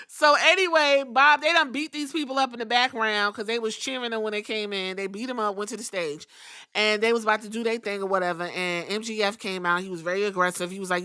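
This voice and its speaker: A middle-aged woman hosting a podcast, recapping wrestling episodes in a casual, animated way, acting out quotes and swearing freely. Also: mid-range voice, a little fast, smooth. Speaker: podcast host.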